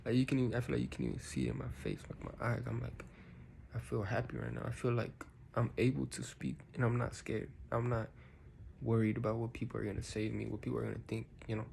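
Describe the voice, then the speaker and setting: Gravelly-voiced man musing casually. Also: medium pitch, fast, darkish tone, a little hiss or hum. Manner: rambling, reflective, heavy use of fillers like "you know". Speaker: vlogger. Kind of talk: casual personal talk to camera.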